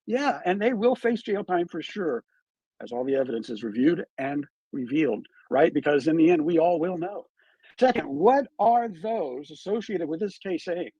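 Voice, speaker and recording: Emphatic man with a lively high voice. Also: moderate pace, breathy edge, dry recording, highs cut off. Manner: emphatic, rhetorical questions. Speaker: true crime commentator. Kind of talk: live stream commentary. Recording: played back from a live stream.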